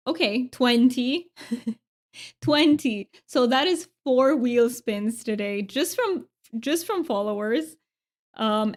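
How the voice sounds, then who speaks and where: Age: adult. Sex: woman. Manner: bubbly, giggly, chatty. Pitch: fairly high. Role: game streamer. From Romania. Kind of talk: casual live-stream chat.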